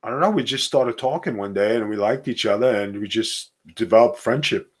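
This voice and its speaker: A man's voice: lowish voice, fairly quick, slightly rough. Laid-back man, plain short answers. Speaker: podcast host. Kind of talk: casual podcast chat.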